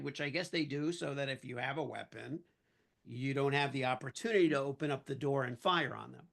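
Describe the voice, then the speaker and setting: A man guest on a podcast, telling a casual anecdote in an animated way and acting out the voices of the people in it. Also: medium pitch, brisk, vocal fry. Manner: animated storyteller who acts out quoted voices.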